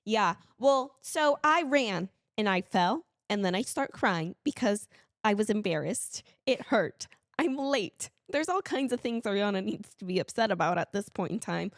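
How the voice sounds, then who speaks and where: A woman co-hosting a podcast tells a story animatedly in casual chat, laughing as she goes and squealing when she quotes herself. Her medium-pitched voice is expressive at a normal speed, recorded dry with clean studio sound.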